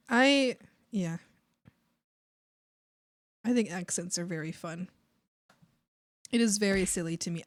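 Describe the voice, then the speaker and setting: A woman's voice: mid-range voice, unhurried, pauses often, no room sound, studio quality. A Canadian woman from the Maritimes chatting casually on a live art stream, bubbly and giggly, rambling with lots of fillers.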